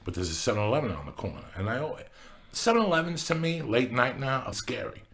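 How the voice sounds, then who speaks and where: A man's voice: medium pitch, fast, a little hiss or hum. A middle-aged man telling street stories in casual podcast chat, acting out the voices of people in them. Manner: gravelly, animated street storyteller acting out voices. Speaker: podcast host. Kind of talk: casual storytelling.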